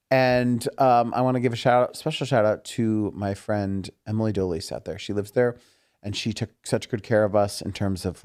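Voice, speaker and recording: A man's voice: medium pitch, darkish tone. A man co-hosting a podcast in casual chat, readily agreeing and backing the others up. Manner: agreeable, quick to back others up.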